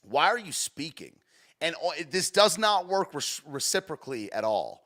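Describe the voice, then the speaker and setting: A young man giving casual, rambling commentary as he reacts to a clip, swinging between loud and soft. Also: fairly high pitch, sing-song, normal speed. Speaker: streamer reacting to a news clip.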